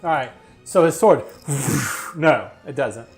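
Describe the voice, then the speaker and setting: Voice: mid-range voice, expressive, takes it slowly, creaky, faint music behind. A game master narrating a tabletop game in casual chat, often laughing through vivid descriptions. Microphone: headset or desk mic in an online stream.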